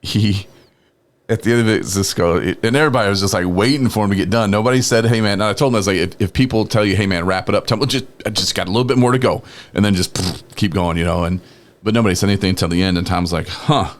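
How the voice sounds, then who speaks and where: On a recovery talk show recorded in a podcast studio, a man with a lowish voice talks fast. He tells rambling stories in a casual, laughing way, acting out other people's lines in lively voices.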